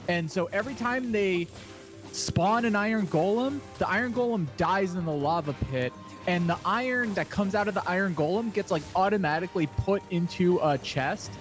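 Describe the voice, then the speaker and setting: A man's voice: high voice, animated, normal speed, soft background music. A man rambling through a long story in a casual live-stream chat, heavy on fillers.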